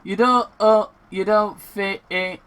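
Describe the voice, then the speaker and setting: A brash blue hedgehog hero with a high, bright, springy voice, done by a man reading fan fiction aloud. It swoops up and down with a lot of life, cheeky and pleased with itself. The reading is excitable and a little stumbling. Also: a little slow, heavily acted. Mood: teasing. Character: cocky fast-talking blue hedgehog hero, male.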